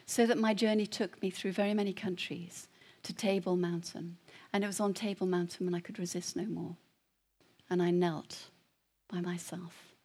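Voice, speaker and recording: A middle-aged woman giving a personal testimony to a congregation, telling her story dramatically and dropping to hushed whispers before rising to loud emphasis. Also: fairly low pitch, fairly even intonation, normal speed, husky. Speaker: guest speaker giving testimony.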